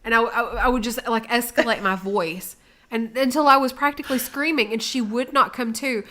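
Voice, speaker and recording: Bright, animated woman telling a story. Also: fairly high pitch, a little fast. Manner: animated, acts out quotes with rising volume. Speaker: co-host. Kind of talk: casual storytelling chat.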